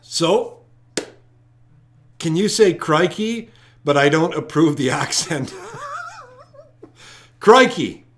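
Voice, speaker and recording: A man's voice: fairly high pitch, animated, takes it slowly, pauses often, a little hiss or hum. A man hosting a live-streamed trivia night, talking chattily and straight to his viewers. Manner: chatty, addressing viewers directly. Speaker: trivia host.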